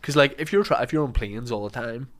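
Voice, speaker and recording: A man's voice: mid-range voice, fast talker. Friendly man hosting a casual chat.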